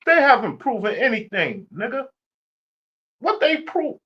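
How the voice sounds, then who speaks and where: A man's voice: very high-pitched, big pitch swings, a little slow, breathy edge. A young man ranting about basketball in a casual stream, profane and trash-talking. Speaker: sports streamer. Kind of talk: casual sports rant. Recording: dull lo-fi stream audio.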